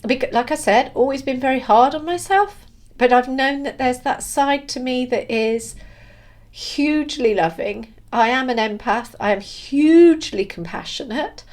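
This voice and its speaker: Woman vlogger, slightly high voice, unhurried and halting, earnest reflective spiritual monologue. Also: a little mellow. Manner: halting, searching for words with many restarts; earnest and openly emotional.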